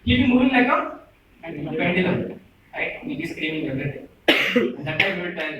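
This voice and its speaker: A man's voice: high-pitched, sing-song, fast, pushed and bright, slight background noise. A twenty-one-year-old man from Bangalore with an Indian English accent, giving a joking, informal speech to friends and tagging his sentences with "right?". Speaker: speaker addressing friends. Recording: echoey room, voice from far off.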